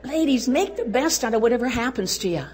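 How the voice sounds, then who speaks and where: A woman's voice: on the high side, animated, quick pace, darkish tone, slight background noise. A woman speaking to a women's conference, telling folksy stories and chuckling often. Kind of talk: storytelling speech to a live audience.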